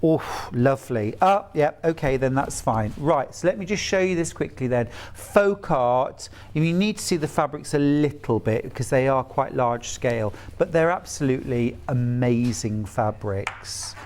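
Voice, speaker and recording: A man's voice: mid-range voice, lively intonation, moderate pace, hardly any pauses, a little mellow. A middle-aged man from the UK presenting fabrics on a live shopping channel in a chatty, gushing, enthusiastic way.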